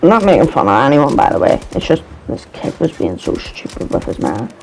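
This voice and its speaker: A man's voice: mid-range voice, big pitch swings, a little fast, creaky, a little hiss or hum, rough recording. A man telling a story about his past in a casual, rambling way, hesitant and swearing now and then.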